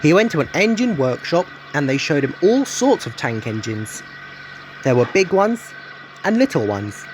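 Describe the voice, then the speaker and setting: A man reads a children's storybook aloud with an expressive delivery. His voice sits slightly high for a man and moves a lot in pitch. A steady hiss of noise runs under the recording. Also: normal speed. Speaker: narrator. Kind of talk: storybook narration. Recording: noisy home recording.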